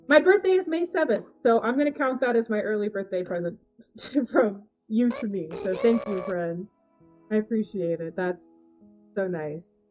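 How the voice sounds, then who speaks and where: A woman streaming live, gushing and thanking her chat in casual, excitable talk. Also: on the high side, highs cut off. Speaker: Twitch cooking streamer.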